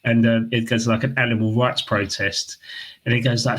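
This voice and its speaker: A man's voice: mid-range voice, a little fast, poor audio. A man, a podcast co-host, chatting casually and retelling comedy scenes. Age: 30s. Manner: relaxed, retells comedy scenes in put-on voices. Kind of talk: casual chat.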